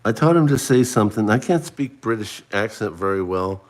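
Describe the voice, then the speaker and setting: A man's voice: lowish voice, animated, a little fast. Chatty middle-aged man hosting a livestream. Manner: chatty, rambling, addresses viewers by name. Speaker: livestream host. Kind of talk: casual livestream chat running trivia.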